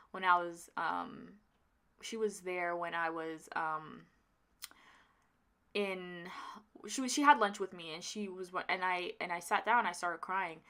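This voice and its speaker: A woman's voice: fairly low pitch, pushed and bright. A young woman telling a personal story on her vlog in a casual, rambling way, full of fillers and restarts, emotional and close to tears. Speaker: vlogger.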